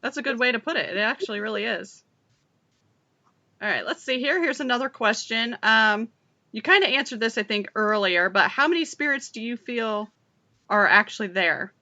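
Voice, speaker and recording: Woman radio host, bright sharp voice, lots of yeps and rights. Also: a little high, animated, moderate pace. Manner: agreeable, encouraging backchannels. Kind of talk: casual interview.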